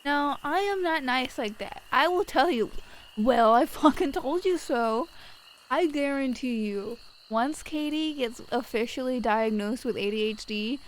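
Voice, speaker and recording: A woman's voice: sits high, moderate pace, hardly any pauses, slight background noise, poor audio. Casually swearing woman streamer chatting. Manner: swears freely, rambling with filler words. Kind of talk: casual live-stream chat, reading viewer messages. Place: at her desk at home.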